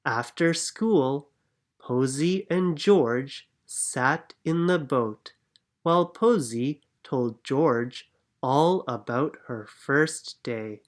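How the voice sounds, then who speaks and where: A calm storybook reader narrating a children's picture book. Every word is spoken very slowly and clearly, at an unhurried bedtime pace. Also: medium pitch.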